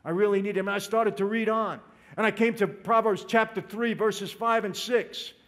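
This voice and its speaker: A man's voice: sits high, fairly even intonation, moderate pace, a bit bright. A man giving an emotional religious testimony, speaking straight to his audience and calling them "people". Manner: emotional, direct, addresses listeners as "people".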